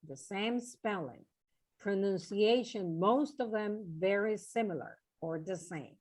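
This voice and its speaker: Woman, English presenter, encouraging, keeps checking in with the group. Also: mid-range voice. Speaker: workshop presenter. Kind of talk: online English teaching session.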